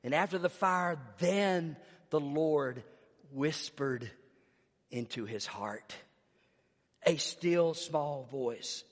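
A man preaching a sermon, swinging between hushed, intimate passages and shouted emphasis. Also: fairly high pitch, drawn-out words, long pauses. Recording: long hall reverb.

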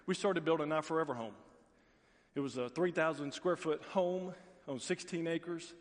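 Folksy pastor preaching in a reverberant hall. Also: male voice, on the high side, normal speed. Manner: storytelling, animated quoted voices, folksy asides. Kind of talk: sermon. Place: church sanctuary. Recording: long reverb of a large hall.

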